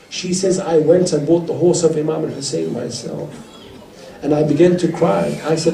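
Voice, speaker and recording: A man's voice: on the high side, fairly even intonation, moderate pace, creaky, warm tone. A man giving an emotional religious recital at a mourning gathering, rising dramatically at cries and pleas. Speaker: speaker at a Muharram gathering. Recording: roomy, distant hall mic.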